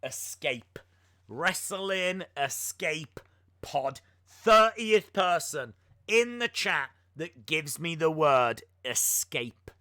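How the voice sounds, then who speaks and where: A man's voice: fairly high pitch, lively intonation, very slow, sharp tone, dry recording. A man hosting a wrestling podcast live stream, chatting casually and mocking himself, with lots of ums and uhs. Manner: chatty and self-mocking, with many filler words.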